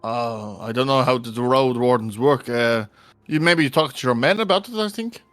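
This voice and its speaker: A man's voice: mid-range voice, normal speed, fairly bright tone, dry recording, soft background music. A man playing a tabletop game, talking hesitantly with fillers and some laughs. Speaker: player. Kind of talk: casual game chat.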